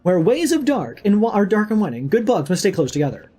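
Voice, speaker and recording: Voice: mid-range voice, very animated, fast talker, mellow, husky. A streamer voicing Flea Master, a friendly flea caravan leader, with theatrical old-fashioned formal speech while reading game dialogue aloud. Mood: welcoming.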